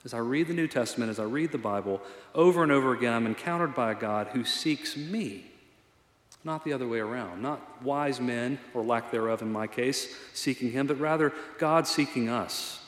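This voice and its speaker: Earnest pastor preaching in an echoey hall. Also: male voice, mid-range voice, moderate pace. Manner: conversational, earnest, self-deprecating. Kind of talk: sermon. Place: church sanctuary.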